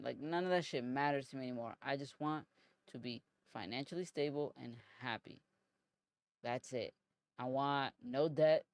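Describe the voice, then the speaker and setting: A man in his late twenties rambles through a solo podcast monologue, swearing freely and tossing in "bro" at every turn. His voice sits at a middle pitch. The sound is dry and close, with no room around it. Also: clear, resonant tone, dry recording. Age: 20s. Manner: rambling, profane, animated, says "bro" a lot. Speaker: podcast host.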